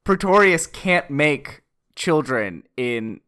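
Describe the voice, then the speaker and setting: A man's voice: on the high side, big pitch swings, slow pace, sharp tone, clean tone. A man co-hosting a podcast in casual chat, easygoing and wry. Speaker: podcast co-host.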